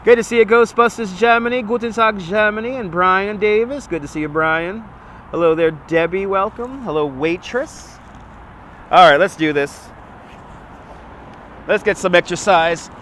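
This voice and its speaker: A livestream host's voice sits high with a fairly bright tone and normal speed as he walks outdoors on a city street, phone on a gimbal. Chatty and upbeat, he greets viewers by name. His nose is slightly stuffy, so his voice may crack, and faint traffic and street noise is in the recording.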